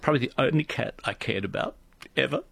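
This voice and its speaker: A man's voice: medium pitch, quick pace, gravelly, fairly bright tone. A man co-hosting a radio show, chatting casually and joking, often repeating himself and laughing. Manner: joking, self-interrupting, laughs easily. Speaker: radio co-host. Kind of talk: casual chat.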